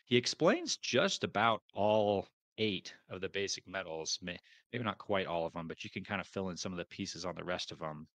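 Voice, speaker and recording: A man's voice: sits low, animated, moderate pace, fairly bright tone, no echo. A man co-hosting a podcast, casually summarizing book chapters and hesitating over unfamiliar names. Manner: hesitant, restarts, unsure of names. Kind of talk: casual chat.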